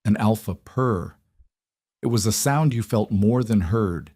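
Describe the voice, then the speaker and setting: A man narrating a first-person romance story in a steady, measured reading. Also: fairly low pitch.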